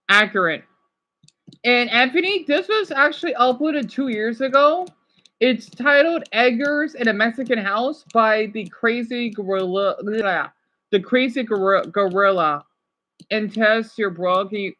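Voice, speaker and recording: A woman's voice: medium pitch, animated, a little slow, sharp tone. A woman hosting a livestream, chatting casually with viewers and calling them by name as she reacts to a video. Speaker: livestream host.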